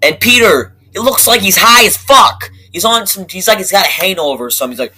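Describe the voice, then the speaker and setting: A young man giving a casual movie review, rambling and excitable, swearing constantly and restarting his sentences. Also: sits high, fairly quick, breathy edge, poor audio. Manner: profane, excitable, rambling with many fillers and restarts.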